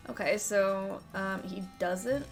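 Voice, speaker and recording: A woman's voice: mid-range voice, takes it slowly, soft background music. Chatty giggly woman gaming commentary. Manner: chatty, giggly, reads instructions aloud. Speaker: video game let's-play host. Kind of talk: casual gameplay commentary.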